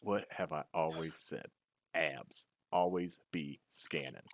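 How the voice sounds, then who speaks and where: A man's voice: extremely low pitch, takes it slowly, slight background noise. A man playing a tabletop game, joking and swearing as he describes what his character does. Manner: joking, profane, cocky. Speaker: player. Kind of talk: casual tabletop game chat.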